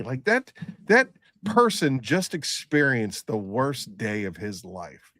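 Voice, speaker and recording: A middle-aged man, a nurse and former paramedic, telling a blunt story in casual conversation, halting and full of restarts. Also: medium pitch, sing-song, a bit bright, dry recording, clean studio sound.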